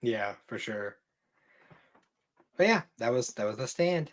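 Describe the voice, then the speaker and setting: A man's voice: medium pitch, lively intonation, measured pace. A man co-hosting a podcast in casual chat, laid-back and candid, swearing now and then, with stammered restarts and laughs. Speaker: podcast co-host.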